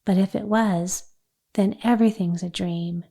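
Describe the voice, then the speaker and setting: Audiobook: woman as a gentle, earnest little girl, mellow. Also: medium pitch, fairly even intonation, a little slow, creaky, breathy edge. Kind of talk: audiobook character voice.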